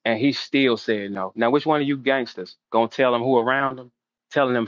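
A middle-aged man hosting a casual interview, loudly calling out a rival with brash, repetitive trash talk. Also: mid-range voice, steady tone, fast talker, dry recording. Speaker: host. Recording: dull, dry lo-fi sound.

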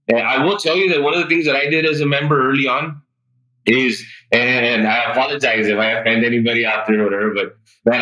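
Bright-voiced man telling his story. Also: medium pitch, poor audio. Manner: animated and chatty, full of "like", "right?" and "dude". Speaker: podcast guest sharing his weight loss story. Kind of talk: casual interview storytelling.

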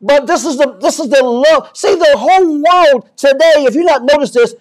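A man preaching a sermon as pastor, swinging from soft to loud and often repeating and restarting words. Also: very high voice, normal speed.

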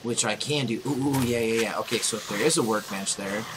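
A man casually commentating on a survival game as he plays, excitable and talking back to the enemies on screen. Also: on the low side, a little fast, heavy background noise. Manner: excitable, talks to the game's enemies. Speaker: gameplay commentator. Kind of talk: casual let's-play commentary. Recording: loud game music under the voice.

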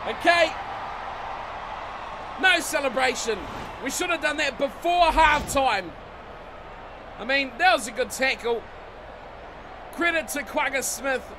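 A man giving excitable let's-play commentary on a rugby video game, swearing and yelling at his own team. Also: extremely high pitch, slow, long pauses, background noise. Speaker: gaming channel host. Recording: game music playing behind the voice.

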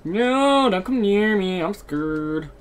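A man's voice: high-pitched, lively intonation, takes it slowly, clean tone. A man voicing a small, scared, whiny little boy in a game playthrough.

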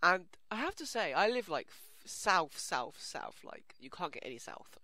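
A young adult with an English accent giving casual commentary on a horror game, easily startled into screaming and then chatting softly with viewers. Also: mid-range voice, big pitch swings, moderate pace, no echo. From England. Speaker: let's play gamer. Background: game music.

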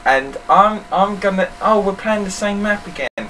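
A young man hosting casual let's-play commentary, joking and swearing in loud outbursts while he games. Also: high-pitched, moderate pace. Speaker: gaming channel host. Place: room at home, recording while gaming. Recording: distant mic with faint noise.

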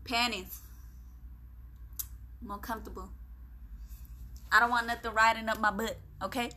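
Bright-voiced flirty woman on a livestream. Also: on the high side, steady tone, a little slow. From Philippines. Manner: flirty and teasing, often dropping to a hushed voice. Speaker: livestream host. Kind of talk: casual live-stream chat, reading comments aloud.

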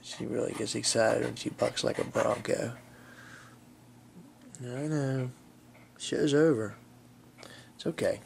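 Gravelly-voiced man chatting to his dog. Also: medium pitch, fairly even intonation, a little slow, pauses often, slight background noise. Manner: chatty, fond, talks to his dog in a coaxing tone. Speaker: channel host. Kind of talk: casual vlog commentary while playing fetch.

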